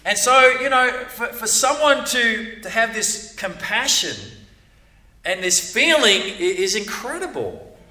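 A man preaches a conversational sermon in a high, sing-song, sharp voice, taking his time. He repeats words often and checks in with "right?", heard from a distance in an echoey room.

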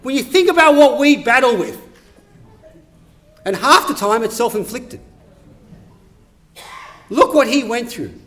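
High-voiced man preaching earnestly. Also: expressive, unhurried, pauses often, sharp tone. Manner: earnest, conversational, builds to emphatic urgency. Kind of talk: sermon with scripture reading.

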